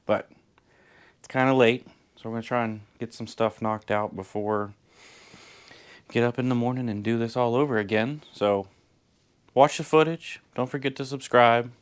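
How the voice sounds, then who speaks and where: A man's voice: medium pitch, steady tone, normal speed, pauses often, clean tone. A man from Virginia, talking in a laid-back, rambling way as he introduces his car-building vlog. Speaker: vlogger building a lowrider. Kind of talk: casual garage vlog intro.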